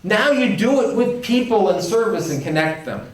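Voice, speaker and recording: A man delivers an animated conference talk with a playful, emphatic edge, slipping into quoted voices as he goes. His voice rides high. It reaches the listener from a distance, washed in heavy hall echo. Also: normal speed. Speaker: conference keynote speaker. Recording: echoey hall, distant mic.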